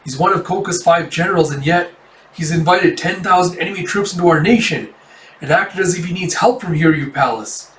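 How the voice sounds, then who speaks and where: A man's voice: sits high, fairly quick, a bit bright, a little hiss or hum. A man casually reading a manga aloud, summing up the panels in a loose, chatty way between the characters' lines. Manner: loose, chatty, keeps saying "it's like". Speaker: manga reader. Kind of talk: casual read-aloud recap. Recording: roomy, distant mic, faint ambience.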